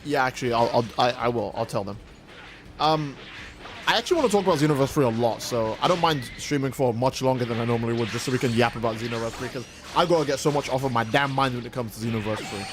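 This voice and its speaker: A man's voice: mid-range voice, fast, music in the background. A man livestreaming a game, chatting casually and playfully with his viewers in a rambling way. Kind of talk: casual livestream chat while gaming.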